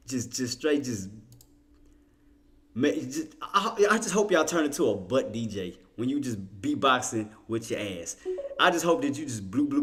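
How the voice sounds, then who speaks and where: Trading streamer, man, bright voice, playful laughing banter with viewers. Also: mid-range voice. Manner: loose casual slang. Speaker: stock trading livestream host. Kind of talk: casual livestream commentary to chat.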